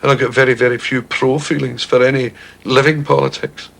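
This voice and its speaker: A man's voice: mid-range voice, level tone, brisk, creaky, a bit bright. A Glaswegian Scottish man answering interview questions in a thoughtful, wry, slightly hesitant way. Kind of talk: reflective interview talk.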